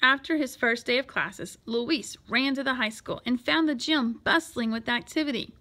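A woman reading a children's picture book aloud in an expressive, lively way. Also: fairly high pitch, normal speed. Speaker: storyteller.

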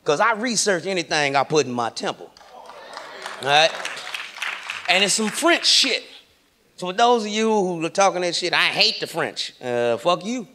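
Brash high-voiced male stand-up comic. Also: big pitch swings, moderate pace, pauses often. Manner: brash, profane, loud punchlines. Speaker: stand-up comedian. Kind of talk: stand-up comedy set. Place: live comedy stage before an audience. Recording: live show with crowd and noise.

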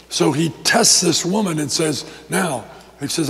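A male pastor preaching in a church and telling his story with lots of repetition and quick restarts. His fairly high voice has a gravelly rasp, and a long hall reverb trails after his words. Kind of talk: sermon.

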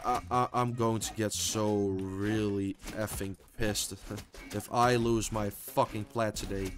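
A man giving live gameplay commentary. He swears constantly and swings between muttering and loud frustrated outbursts. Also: on the low side, fairly even intonation, slow pace, soft background music. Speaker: gaming video creator.

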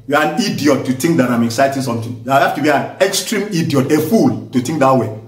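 A man with a Nigerian accent giving impassioned political commentary, forceful and emphatic, hammering points through repetition. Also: mid-range voice, fast talker. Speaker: vlogger. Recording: echoey room, voice distant from mic.

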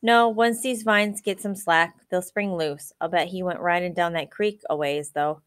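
A woman's voice: fairly low pitch, fairly even intonation, moderate pace, dry recording, studio quality, lightly acted. A woman voicing a determined young boy raised in the woods, blunt and matter-of-fact.

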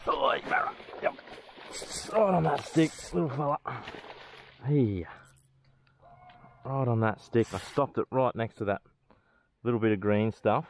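An Australian man giving casual, excitable running commentary while fishing outdoors, swearing freely and talking to the fish. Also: medium pitch, unhurried, pauses often, noisy background. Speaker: fishing vlogger.

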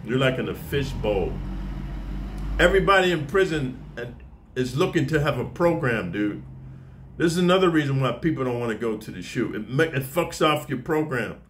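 A man's voice: medium pitch, lively intonation, normal speed. A man giving a casual, profane monologue to camera in boastful street talk, speaking as a martial arts teacher.

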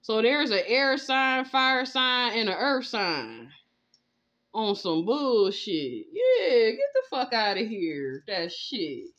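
A woman's voice: fairly high pitch, sing-song, slow, a bit bright, lo-fi sound. A woman giving a casual tarot reading, ranting in disbelief with lots of cursing and bursts of laughter. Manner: profane, laughing, incredulous ranting. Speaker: tarot reader. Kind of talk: casual spiritual reading vlog.

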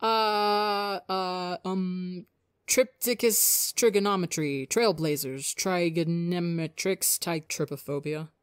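Woman doing a soft, stammering shy young man. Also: on the low side, steady tone, slow pace, clear, resonant tone, dry recording, clean studio sound. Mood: flustered. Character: shy, anxious tall young alien man.

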